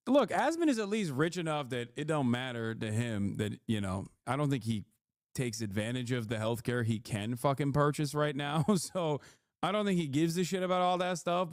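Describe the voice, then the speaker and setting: A man's voice: on the high side, no room sound. Sarcastic male streamer, dry close sound. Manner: sarcastic, mocking. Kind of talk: live stream reaction commentary.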